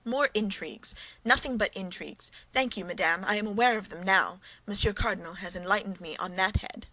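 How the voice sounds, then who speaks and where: A woman's voice: mid-range voice, fairly quick, sharp tone, rough recording. A woman reading the part of a self-important, cowardly middle-aged mercer in a storybook reading, speaking emphatically. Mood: pompous.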